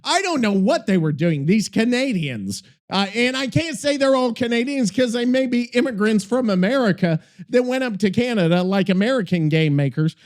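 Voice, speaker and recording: A podcast host delivering a swear-laden rant about a game, acting out the people he talks about. His voice is high for a man and swings widely in pitch. The delivery is casual and loose. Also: normal speed, hardly any pauses. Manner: animated swearing rant, acts out characters.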